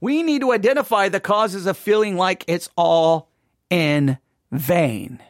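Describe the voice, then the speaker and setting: Speaking at a measured pace in a high voice, a Bible teacher reads a passage aloud and then discusses it in an easygoing, conversational way during a devotional study. He sometimes takes on the voices of the proud and the doubter. The sound is clean studio audio with no echo.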